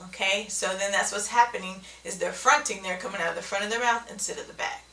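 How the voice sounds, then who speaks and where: A woman's voice: mid-range voice, fairly even intonation, fast, hardly any pauses, sharp tone, roomy sound, recorded from a distance, slight background noise. A woman teaching speech sounds in an instructional video, explaining step by step and often checking in with "okay?".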